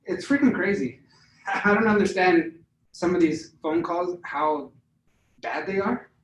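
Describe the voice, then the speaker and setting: High-voiced male trainer in an echoey room. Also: a little slow. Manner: energetic, demonstrative, keeps checking in with "right?". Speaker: sales trainer. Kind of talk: interactive training session. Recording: roomy, echoey sound from far off the mic.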